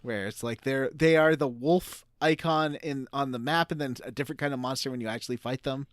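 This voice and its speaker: A man's voice: mid-range voice, a little fast, no echo, studio quality. A man co-hosting a podcast, chatting casually about a video game and laughing often. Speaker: podcast co-host. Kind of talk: casual chat.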